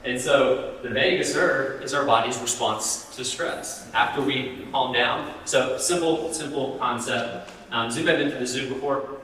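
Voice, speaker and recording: A man's voice: medium pitch, steady tone, moderate pace, bright, forceful tone, slight background noise. A man giving a live health talk, speaking conversationally and often putting questions to the audience. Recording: roomy hall, distant mic.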